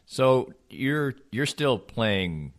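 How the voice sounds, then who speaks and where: A man's voice: medium pitch, sing-song, extremely slow. A man hosting an interview, prompting his guest with questions and short affirmations. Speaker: interviewer, podcast host. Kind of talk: conversational interview.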